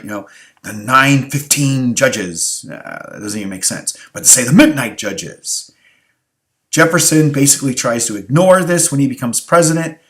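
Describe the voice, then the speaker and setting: In a recorded review lecture before an exam, a worn-out male history teacher uses rhetorical questions and repeated key phrases. He speaks at medium pitch with a bit of brightness.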